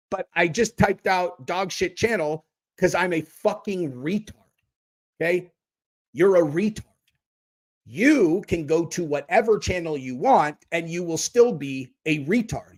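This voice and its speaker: Man, livestream host, profane, mocking, slightly high voice. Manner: profane, mocking, talks back to chat. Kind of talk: casual livestream rant.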